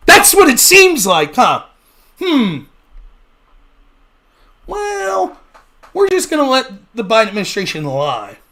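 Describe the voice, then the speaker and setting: A man's voice: very high voice, huge pitch swings, takes it slowly, pauses often, bright, forceful tone. Fired-up, sarcastic male livestream host. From United States. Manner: agitated, sarcastic, challenges chat viewers; swears freely. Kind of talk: heated solo livestream rant.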